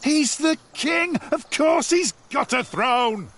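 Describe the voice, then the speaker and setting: A man's voice: extremely high pitch, expressive, takes it slowly, heavily acted. An actor playing a grumpy, hard-working male builder in a game, who nags and bickers. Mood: grumbling. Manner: nagging, bickering, prone to shouting. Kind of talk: game voice acting.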